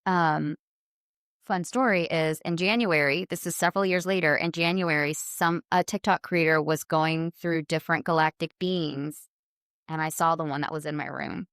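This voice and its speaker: A woman's voice: normal speed, clear, resonant tone, no room sound. Chatty woman telling a story, dry sound. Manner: animated, voices quotes in a high excited pitch. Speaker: podcast guest, spiritual healer. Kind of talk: casual storytelling.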